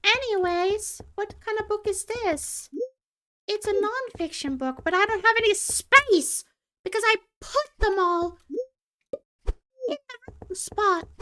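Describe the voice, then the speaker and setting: Woman putting on a squeaky childlike voice. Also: animated, takes it slowly, pauses often, pushed and bright, heavily acted. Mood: playful. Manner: playful, asks viewers for approval. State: strains her voice. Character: squeaky silly childlike cutesy voice. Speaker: streamer. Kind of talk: casual live-stream chat.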